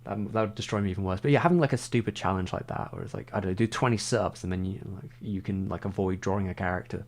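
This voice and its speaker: A man's voice: sits low, fast, a little mellow. Rambling man streaming. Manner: rambling, heavy use of "like". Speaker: livestreamer. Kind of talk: casual livestream chat.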